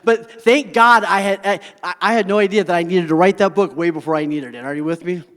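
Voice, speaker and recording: A middle-aged man with a fairly high voice delivers a motivational talk, earnest and heartfelt, and keeps checking in with the crowd. His voice carries a long hall reverb, as if caught in a big room. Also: brisk, fairly bright tone. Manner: heartfelt personal storytelling. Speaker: motivational speaker. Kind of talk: motivational talk to a live audience.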